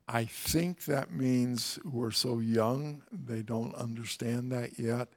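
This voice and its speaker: A man's voice: mid-range voice, measured pace, creaky. A man teaching through a Bible passage in a conversational way, with wry, folksy asides.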